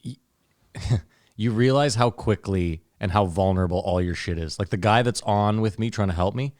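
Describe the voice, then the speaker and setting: Man, podcast co-host, casual banter, swears freely, fairly low voice, dry recording. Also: moderate pace, a little mellow, no echo. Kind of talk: casual chat.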